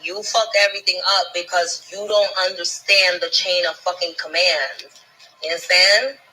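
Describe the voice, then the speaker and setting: A woman's voice: on the low side, fairly even intonation, moderate pace, sharp tone, husky, rough recording. A woman, ranting scornfully at someone, swearing constantly and stumbling over repeated words when she gets heated. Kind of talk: profane ranting monologue.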